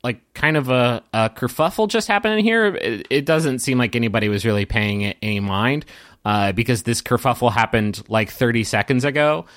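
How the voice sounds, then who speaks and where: A man's voice: medium pitch, animated, normal speed, a bit bright, no echo. Game master guy, rambly narration full of ums, dry close sound. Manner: rambling, filler-heavy narration.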